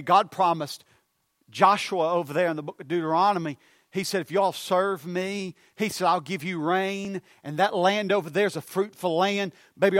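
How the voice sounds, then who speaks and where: Man, preacher, fervent sermon, higher voice, dry close sound. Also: no echo. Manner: builds from hushed storytelling to loud fervent preaching.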